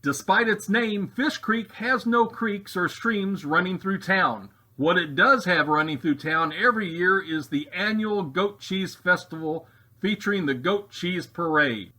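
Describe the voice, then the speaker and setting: Man, comedy narrator, deadpan mock documentary, slightly high voice, rambling asides. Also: unhurried. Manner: mock-serious, digressive asides.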